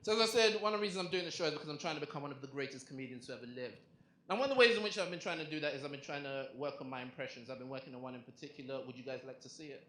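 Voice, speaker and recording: A young man doing a stand-up comedy set, chatty and animated, asking the crowd questions on a club stage. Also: medium pitch, rapid-fire. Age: young adult. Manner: conversational, animated punchlines, asks the crowd questions. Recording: echoey club with crowd noise.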